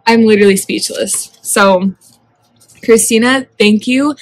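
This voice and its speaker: A young woman with a Southern US accent, talking in a casual home vlog. She gushes and gets excitable, with lots of fillers. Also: on the high side. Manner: gushing and excitable, fast filler-heavy talk. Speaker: vlogger. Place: home indoors. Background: lawn equipment outside.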